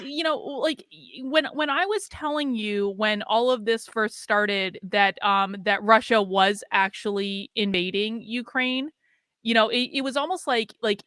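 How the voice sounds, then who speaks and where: A middle-aged woman hosting a livestream in a bright, sharp voice, recorded dry and close. She is chatty and prompting, and keeps the guest talking with quick mm-hmms. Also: fairly high pitch, no echo. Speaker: host. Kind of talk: livestream interview.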